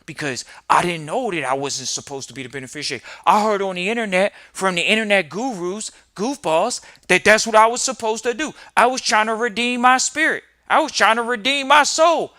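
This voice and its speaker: A man's voice: medium pitch, expressive, brisk, hardly any pauses, fairly bright tone, no room sound, clean studio sound. A man putting on the voice of a confused, defensive client, whiny and pleading.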